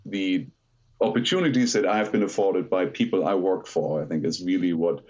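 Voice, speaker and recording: A man's voice: sits low, fairly quick. German-accented man telling stories, lo-fi. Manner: lively storytelling, self-deprecating humor. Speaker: podcast guest, aerospace lawyer. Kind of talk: conversational podcast interview.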